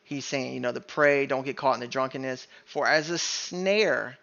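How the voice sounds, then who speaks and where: Man, online Bible teacher, emphatic and insistent, gravelly, muffled home recording. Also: mid-range voice, moderate pace, a bit bright. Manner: emphatic, keeps asking "right?". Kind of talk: screen-share Bible study sermon.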